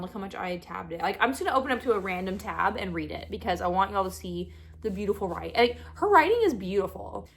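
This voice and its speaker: A woman's voice: medium pitch, a bit bright. A young woman chatting casually about books she read, rambling and gushing with lots of fillers. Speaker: book vlogger. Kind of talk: chatty book review.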